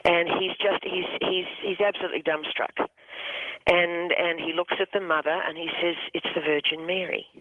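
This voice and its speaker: A hypnotherapist telling a long story on a radio call-in, halting and restarting phrases often, heard over a telephone line. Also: medium pitch, steady tone. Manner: halting, with many restarts and repeated words. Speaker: hypnotherapist guest.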